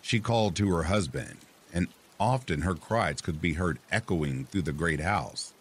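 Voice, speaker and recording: A man narrating a folk tale in a measured, expressive reading. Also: deep voice, husky. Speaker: storyteller. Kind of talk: scripted storybook narration.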